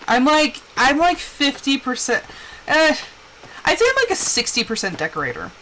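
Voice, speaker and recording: A woman's voice: high-pitched, sing-song, normal speed, sharp tone, slight background noise, rough recording. A young woman chatting candidly while live-streaming a game, acting out quoted voices as she tells stories. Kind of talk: casual chat while gaming.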